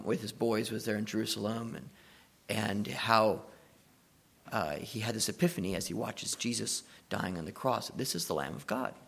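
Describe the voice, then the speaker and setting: Gravelly-voiced male preacher telling a story. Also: on the low side. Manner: storytelling, swings between hushed and emphatic. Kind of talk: sermon.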